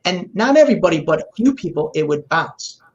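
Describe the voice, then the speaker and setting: A man as a podcast guest, explaining in a relaxed way and telling a long story in which he acts out the voices of the people he quotes. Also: fairly high pitch, fairly quick, highs cut off. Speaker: guest expert.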